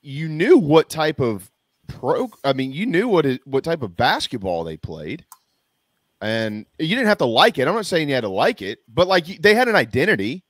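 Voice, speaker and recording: Lively man in dry close sound. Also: fairly high pitch, moderate pace, no room sound. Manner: emphatic, repetitive restarts, lively. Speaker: sports podcast co-host. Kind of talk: casual sports chat.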